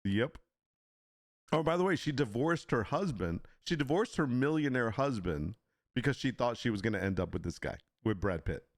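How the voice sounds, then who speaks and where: A man's voice: mid-range voice, expressive, moderate pace, no room sound, clean studio sound. A man hosting a casual livestream, laughing often and reacting in disbelief as he reads. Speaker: livestream host.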